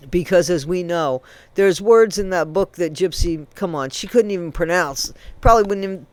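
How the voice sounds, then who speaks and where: A man giving a ranting true crime commentary, indignant and emphatic, swinging between loud bursts and low muttering. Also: no room sound.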